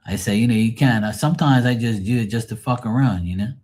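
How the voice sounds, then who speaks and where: A man's voice: fairly low pitch, fast talker, a little mellow. A man chatting casually to his livestream viewers, rambling and swearing freely in a joking way. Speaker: livestream host.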